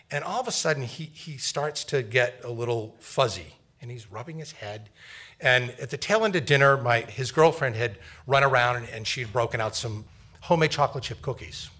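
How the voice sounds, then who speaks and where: A man's voice: mid-range voice, slightly rough. Middle-aged man telling a family story. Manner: animated, acts out family members' voices. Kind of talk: live personal storytelling.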